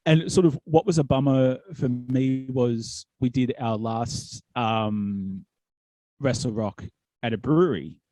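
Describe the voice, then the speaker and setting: Rambling Australian man with a mellow voice. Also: mid-range voice, slow pace, no room sound. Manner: rambling storyteller with many ums, likes and restarts. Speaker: wrestling commentator and promoter, guest. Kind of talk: casual podcast chat.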